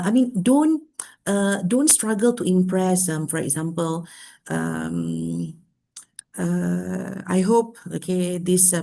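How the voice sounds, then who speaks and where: A middle-aged woman with a Malaysian English accent, giving a workshop lecture in a lively way and filling her talk with "okay". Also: fairly low pitch. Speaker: workshop speaker.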